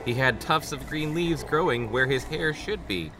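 A man reading a children's horror story aloud in a casual group, animated and quick to react. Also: a little high, slight background noise. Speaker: reader in a group read-aloud.

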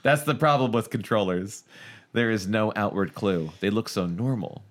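A man's voice: lowish voice, normal speed. A man co-hosting a podcast, reading aloud and joking, laughing often. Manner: animated, laughs often, jokes over the reading. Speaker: podcast co-host. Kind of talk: casual chat and read-aloud.

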